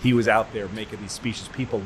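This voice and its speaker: A man's voice: on the low side, fast talker, a little hiss or hum. A middle-aged man from Massachusetts, hosting a podcast and telling stories in casual chat, acting out other people's voices. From Massachusetts, USA. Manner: animated storyteller, acts out quoted voices loudly. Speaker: podcast host.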